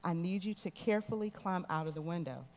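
A woman's voice: on the low side, fast, natural voice. Urgent kind fireman, read by a woman. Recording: long reverb in a large hall.

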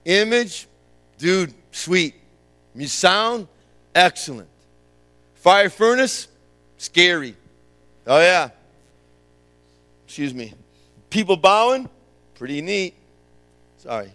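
A man voicing carefree young men who chat in breezy, slangy, loud banter. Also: high-pitched, expressive, takes it slowly, pauses often, big-room sound, exaggerated voice. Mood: casual cool. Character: laid-back young men, cool slang.

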